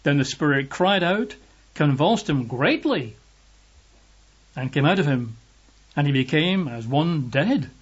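A man's voice: fairly high pitch, animated, a little slow, pauses often, slightly rough. A man preaching a sermon, reading scripture and commenting on it in a conversational, emphatic way. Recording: dull lo-fi recording.

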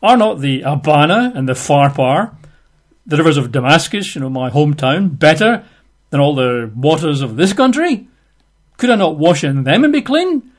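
A man's voice: high-pitched, big pitch swings, normal speed, husky, pitched above the performer's own voice, full character voice. A man voicing a proud army commander, spluttering with indignant fury, in a dramatized Bible reading.

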